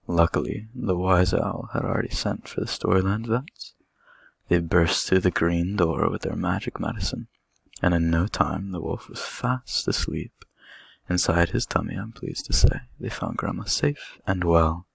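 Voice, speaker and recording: A man reads a children's bedtime story in a deep voice with heavy vocal fry. His tone is husky and breathy, and the recording is dry and close to the mic. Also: measured pace, no echo.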